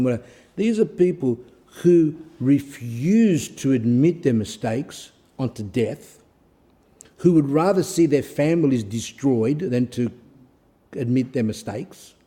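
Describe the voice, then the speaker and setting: Earnest male priest with a mellow voice. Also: mid-range voice. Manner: earnest storytelling, acts out quoted exchanges. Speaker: Orthodox priest. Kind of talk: sermon-style talk.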